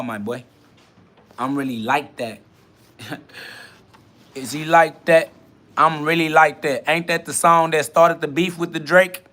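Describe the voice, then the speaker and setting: A man hosting a self-talk podcast, preaching in a combative, mocking and profane way, racing through some lines and drawing others out slowly. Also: medium pitch, a bit bright. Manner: shifts between rapid bursts and slow drawn-out emphasis. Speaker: podcast host.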